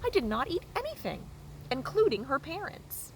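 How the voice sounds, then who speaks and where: A woman's voice: high voice, sing-song, moderate pace, a little hiss or hum, pitched above the performer's own voice, low-quality recording. A woman voicing a polite, earnest female robot who speaks formally and cheerfully.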